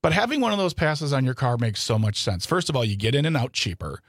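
A man's voice: mid-range voice, very animated, fast, no room sound, studio quality. A man co-hosting a radio talk show, joking and adding wry asides in a casual chat. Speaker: radio co-host. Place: radio studio. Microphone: studio microphone.

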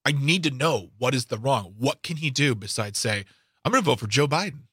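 Man co-hosting radio talk, sarcastic, animated, stumbling restarts, bright voice, dry studio sound. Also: medium pitch, a little fast, slightly rough, no echo. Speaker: radio co-host.

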